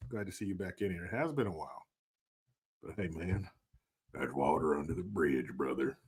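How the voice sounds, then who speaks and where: A man's voice: low voice, lively intonation, moderate pace, a little mellow, husky. A man hosting a livestream, joking crudely, laughing often and reading out viewer donations in casual commentary. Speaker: livestream host.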